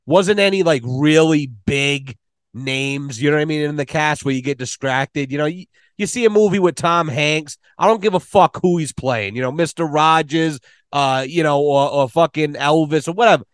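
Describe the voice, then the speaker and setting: A man's voice: a little high, normal speed, no echo, studio quality. A man in casual podcast conversation, telling rambling stories full of swearing. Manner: swears often, rambling storyteller.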